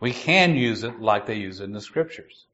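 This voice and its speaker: A man giving a sermon. He reads scripture slowly and stresses its key words. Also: lowish voice, lively intonation, a bit bright, lo-fi sound. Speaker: preacher.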